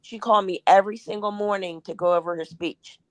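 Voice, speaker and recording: A woman's voice: medium pitch, fairly quick, no echo. A woman guest in a casual interview, telling anecdotes and acting out what people said. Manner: animated anecdotes with acted-out quotes.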